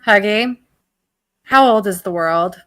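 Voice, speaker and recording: An American woman joins a stream as a guest and argues in casual chat, sounding exasperated and sarcastic and swearing freely. Her voice has a bright, sharp edge at a middling pitch. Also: slow pace. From United States.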